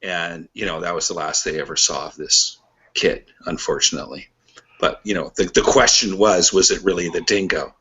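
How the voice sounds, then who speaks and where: A man's voice: sits low, steady tone, moderate pace, bright, forceful tone, breathy edge, dull audio. A man co-hosting a casual podcast chat, laughing often and rambling through stories. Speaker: podcast co-host.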